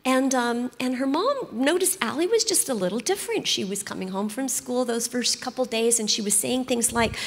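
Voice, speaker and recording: A woman in her fifties delivers an earnest, encouraging Bible study teaching with a storyteller's touch. Her voice sits a bit high for a woman. It carries a long reverb through a large church hall. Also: expressive, moderate pace, few pauses. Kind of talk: sermon-style teaching talk.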